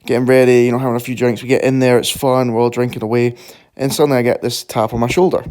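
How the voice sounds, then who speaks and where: A young man, a fitness coach vlogging casually to camera, excitable and swearing freely as he rambles through his stories. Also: mid-range voice, fast talker, no echo. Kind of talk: casual vlog talk to camera.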